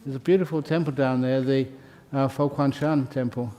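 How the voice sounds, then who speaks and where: A man with a steady, mid-range voice presides over a ceremony in a meditation hall, calling out names one at a time. Slow, warm-hearted and chatty, he welcomes each new member with good humour and laughs between the names.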